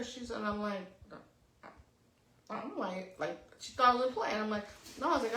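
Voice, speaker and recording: A middle-aged woman co-hosting a podcast, telling a story in a lively, casual way, swearing freely and tagging "right?" onto her sentences. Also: mid-range voice, brisk, long pauses. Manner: animated, swears freely, says "right?" often. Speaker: podcast co-host. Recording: echoey room.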